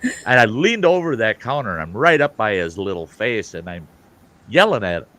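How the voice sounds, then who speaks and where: Man, host, casual storyteller, swings his pitch widely, profane, gets loud. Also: moderate pace. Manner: animated, profane, grows loud and heated. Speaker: host of an online hangout. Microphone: online call.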